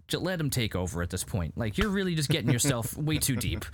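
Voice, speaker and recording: A man hosting a casual chat, recapping a show in an animated, rambling way full of "like". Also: medium pitch, fast. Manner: animated, rambling, heavy use of "like". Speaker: podcast host recapping a show.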